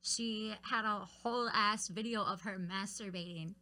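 Bright, blunt young woman storyteller. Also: medium pitch, normal speed. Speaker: podcast co-host. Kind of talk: casual chat.

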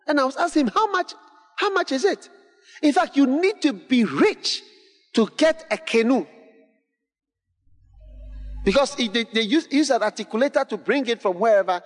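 A man preaching a sermon, emphatic and repetitive, often rising to shouts and calling to the congregation. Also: extremely high pitch. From Ghana. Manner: emphatic, repetitive, building to shouts, call-and-response. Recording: long hall reverb.

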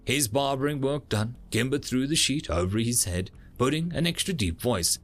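A man narrating a story in a lively storytelling manner. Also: medium pitch, normal speed, few pauses, soft background music. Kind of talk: audiobook narration.

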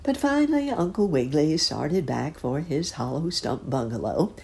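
A woman's voice: deep voice, very animated, normal speed, gravelly, darkish tone. A woman reading a children's story aloud in a lilting storybook narration.

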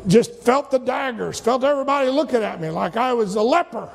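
High-voiced preacher in an echoing hall. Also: male voice, animated, a little fast, creaky. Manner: storytelling, acting out scripture voices, rising to shouts. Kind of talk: sermon. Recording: long hall reverb.

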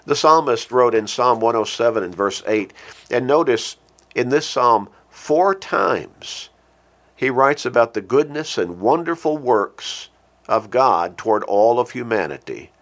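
A man preaching a sermon who speaks earnestly, repeats key phrases for emphasis, and slows down with a lifted voice when he quotes scripture. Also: medium pitch, very animated, fairly bright tone. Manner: slows and lifts his voice when quoting scripture.

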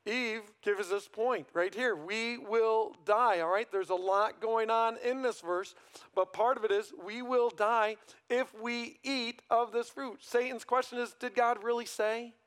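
A man with a rather high voice delivers a morning sermon in a conversational, questioning way. He leans on tag questions and lets his voice swell and then fall to a hush to drive home a point. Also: steady tone, measured pace, clear, resonant tone. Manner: conversational preaching, frequent "right?" tag questions. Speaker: pastor.

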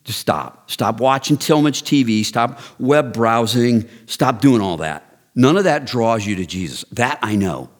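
A man in his sixties giving an earnest, direct ministry talk, building to excited, emphatic storytelling. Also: mid-range voice, a little slow, hardly any pauses. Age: 60s. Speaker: men's ministry leader. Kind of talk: personal testimony talk.

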